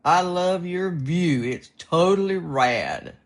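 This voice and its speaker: A man's voice: expressive, slow, exaggerated voice. A man putting on a whiny, dim young guy. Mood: eager. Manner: whiny, boyish, high and loud. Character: dim eager young man, early twenties, hungover.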